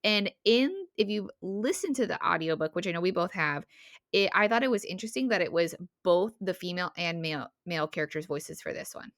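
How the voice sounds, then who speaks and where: A lower-voiced woman co-hosts a casual book podcast, retelling scenes with animated bursts and quick character lines. The sound is dry and close, with no room behind her. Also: no room sound. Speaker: podcast co-host.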